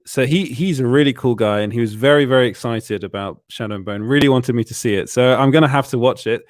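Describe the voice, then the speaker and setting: A man's voice: mid-range voice, fast, no room sound, clean studio sound. A man hosting a casual livestream chat, laughing often and restarting his sentences. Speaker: show host.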